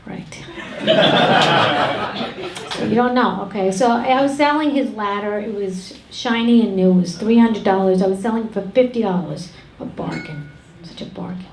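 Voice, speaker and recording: A middle-aged woman working a stand-up set with deadpan, brash delivery and crude punchlines. Her voice carries through an echoey club room over loud noise from the crowd. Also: medium pitch, moderate pace. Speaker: stand-up comedian. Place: comedy club stage.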